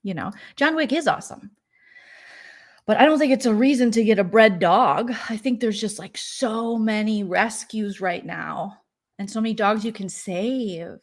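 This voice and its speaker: A woman's voice: medium pitch, moderate pace. A young adult woman hosting a casual vlog, chatting in an exasperated way with lots of fillers. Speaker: vlogger host. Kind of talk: casual gossip chat.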